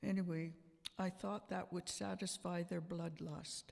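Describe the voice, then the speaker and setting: A man with a high, gravelly voice and little pitch movement plays a defensive Pontius Pilate justifying himself on the witness stand in amateur church drama. He tells it slowly, deliberately and emphatically, with long church hall reverb in the sanctuary.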